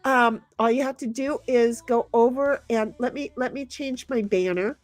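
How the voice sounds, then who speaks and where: A woman's voice: fairly high pitch, steady tone, moderate pace, soft background music. A woman hosting a casual game stream, chatting and reading viewers' messages aloud, laughing often. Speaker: stream host.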